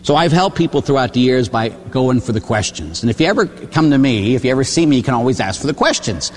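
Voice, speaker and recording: A man's voice: mid-range voice, fast. An older man preaching a sermon as a priest, his voice carrying a long reverb through a large hall. He tells his stories with animation, acting out the voices of the people in them. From Pittsburgh area, USA. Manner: animated storytelling, acting out penitents.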